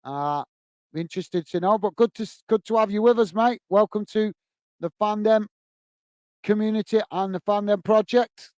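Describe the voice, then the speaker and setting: Hosting a live stream of a football game, a man gives warm play-by-play and chats with his viewers along the way. His voice sits high and is slightly mellow, at normal speed, with no echo.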